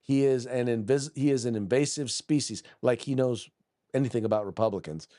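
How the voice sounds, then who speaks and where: Brisk and dark-toned, with a medium pitch, this man hosts a political podcast in a blunt, combative style. As he reads news articles out loud, he often repeats words and starts over.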